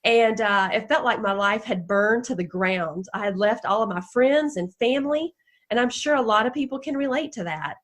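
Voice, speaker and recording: A middle-aged woman from the American South, a guest author telling a personal story in an emotional, animated way. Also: fairly high pitch, moderate pace.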